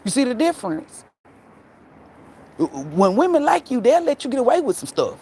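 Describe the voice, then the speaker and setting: A woman's voice: high voice, big pitch swings, normal speed, mellow, slightly rough. A woman hosting a casual livestream, talking bluntly and profanely and laughing often as she tells stories. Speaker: livestream host.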